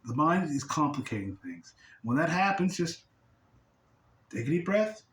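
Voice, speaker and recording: Man, spiritual teacher, profane and laughing, slightly high voice, echoey room, distant mic. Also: big pitch swings, a little slow. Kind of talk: casual spiritual talk. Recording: roomy sound from a distance.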